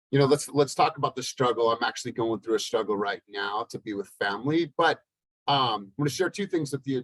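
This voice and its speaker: A man hosting a team coaching call from a hotel room, telling a story with animated, acted-out dialogue. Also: mid-range voice, no room sound, poor audio. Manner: animated, acts out both sides of a dialogue. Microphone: laptop or webcam on a video call.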